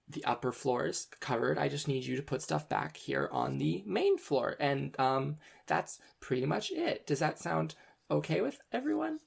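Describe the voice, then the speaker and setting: A polite, flustered woman librarian keeping an archive, as a game master puts her on, halting over her words with lots of ums. The voice is gravelly with fry, and it swings lively up and down. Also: medium pitch, voice pushed up, heavily acted. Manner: hesitant, halting, many ums.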